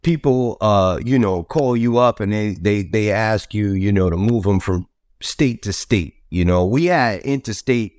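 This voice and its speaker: A man's voice: fairly low pitch, measured pace, darkish tone, no echo, clean studio sound. A man in his fifties, a trucking company owner, talking casually as an interview guest, rambling and repeating himself with lots of "you know what I mean". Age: 50s.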